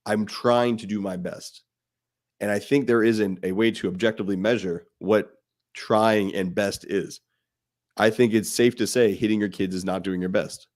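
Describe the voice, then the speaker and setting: A man's voice: lowish voice, darkish tone. A man co-hosting a fatherhood podcast, talking with passion and emphasis and swearing freely. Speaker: podcast co-host. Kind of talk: casual podcast discussion.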